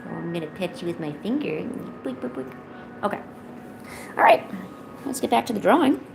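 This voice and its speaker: A woman's voice: medium pitch, expressive, moderate pace, creaky, over music. A woman live-streaming from home, chatting casually with viewers and cooing baby talk to her cat. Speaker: art streamer.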